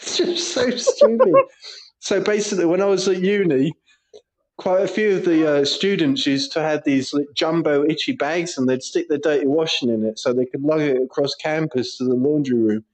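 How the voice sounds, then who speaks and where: A man co-hosting a chatty podcast, his voice sitting a little high for a man. He rambles through crude anecdotes and keeps breaking into laughter. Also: lively intonation, moderate pace, a little mellow. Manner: laughs a lot while telling crude stories. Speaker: podcast co-host. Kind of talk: casual storytelling banter.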